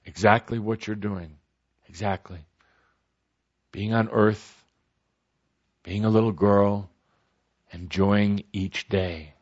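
A man voicing a calm, all-knowing spirit that speaks slowly and reassuringly in a storytelling recording. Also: on the low side, husky, lo-fi sound. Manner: slow, soothing, reassuring.

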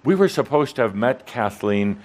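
A man hosting a live gathering and chatting casually with his co-host in front of an audience, relaxed and full of "uh" fillers. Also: medium pitch, normal speed. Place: gathering room with an audience present.

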